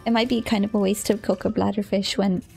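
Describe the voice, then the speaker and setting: A woman's voice: mid-range voice, level tone, quick pace, vocal fry, a little mellow, soft background music. A woman streamer chatting casually as she plays, thinking aloud, easily startled and often giggling.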